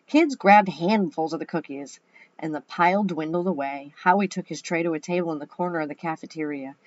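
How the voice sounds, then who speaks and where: A woman's voice: sits low, fairly quick, darkish tone, muffled recording. A young woman reading a children's chapter book aloud, adding chatty, playful asides between passages. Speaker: storybook reader.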